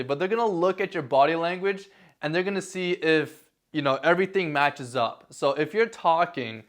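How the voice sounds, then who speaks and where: A man's voice: a little high, fairly bright tone. Laid-back young man talking to camera. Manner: laid-back, filler-heavy, repeats words. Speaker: vlogger. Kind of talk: casual talk to camera.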